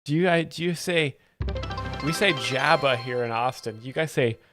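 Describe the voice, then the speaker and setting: A man's voice: fairly high pitch, normal speed, music in the background. A young man hosting a comedy live stream, explaining jokes in an ironic, fake-earnest, rambling way. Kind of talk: mock-expert comedy commentary.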